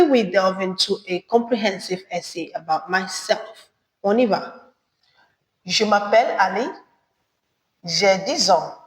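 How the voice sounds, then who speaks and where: A woman teaching a beginner French lesson, saying each phrase slowly and then repeating it. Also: medium pitch. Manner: slow, careful repetition of phrases. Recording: echoey room with long reverb.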